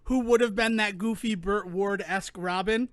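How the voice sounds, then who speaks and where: A man co-hosting a podcast, chatting casually in an animated, rambling way that keeps interrupting itself. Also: high-pitched, normal speed, no room sound, clean studio sound. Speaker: podcast co-host. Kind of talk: casual chat.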